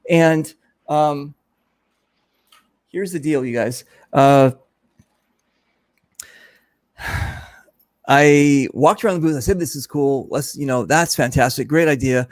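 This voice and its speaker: A man hosting an informal conversation at an event booth, telling a story with lots of energy and acting out what others said. His voice sits a little high, and the sound is dry and close. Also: takes it slowly, long pauses, no room sound. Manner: animated storyteller, mimics others in his stories. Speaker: host. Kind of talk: casual chat.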